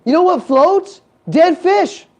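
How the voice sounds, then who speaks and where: A man with a very high voice speaks slowly while giving a live motivational talk on a conference stage. He's animated, cracking jokes and putting questions to the audience.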